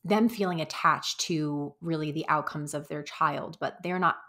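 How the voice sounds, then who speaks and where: A woman's voice: deep voice, moderate pace, pushed and bright. A woman hosting a podcast, responding with encouragement and asking thoughtful follow-up questions. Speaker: podcast host. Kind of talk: interview questions.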